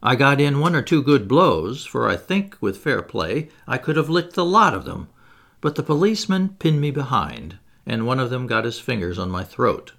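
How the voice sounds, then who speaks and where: A man reading a classic adventure novel aloud as an audiobook, in an expressive, dramatic way. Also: mid-range voice, moderate pace, gravelly. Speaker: audiobook narrator.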